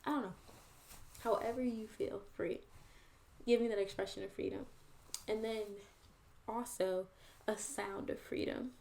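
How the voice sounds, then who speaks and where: A woman's voice: mid-range voice, steady tone, unhurried, vocal fry, long pauses, darkish tone. A woman hosting her own video channel, talking earnestly and reflectively straight to her viewers in a casual, chatty way. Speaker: host and poet. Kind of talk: casual vlog monologue to viewers.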